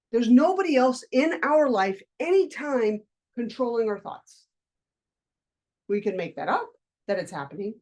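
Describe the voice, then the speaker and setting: A woman's voice: mid-range voice, darkish tone. A woman coaching a live workshop, lecturing and telling personal stories in a candid, conversational way with casual swearing. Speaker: life coach leading a workshop.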